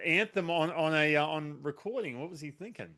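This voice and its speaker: Playful male host, slightly high voice. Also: fairly quick, a crowd in the background. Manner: laughs often, stammering restarts, playful. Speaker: host, former pitcher. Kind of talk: rapid-fire interview questions.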